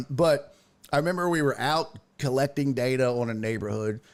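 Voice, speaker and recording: A man, hosting a podcast and telling a family story in an animated, exaggerated way. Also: mid-range voice, normal speed, crowd noise. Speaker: podcast host. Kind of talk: casual storytelling.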